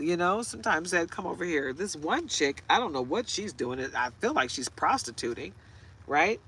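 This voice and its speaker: Chatty woman with a bright voice. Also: lowish voice, slight background noise, rough recording. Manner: chatty storyteller, laughs often, gets choked up. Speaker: tarot reader. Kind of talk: casual chat to camera. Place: inside a parked truck.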